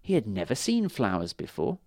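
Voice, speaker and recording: Animated man reading children's stories. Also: lowish voice, brisk, dry recording, clean studio sound. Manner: lively, expressive storytelling. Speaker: storyteller.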